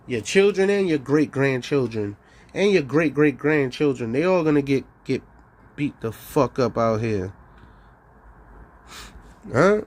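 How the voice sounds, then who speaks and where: A man's voice: mid-range voice, lively intonation, measured pace, pauses often, a little mellow. A man ranting on a livestream, heated and profane, laughing between lines. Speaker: livestream host.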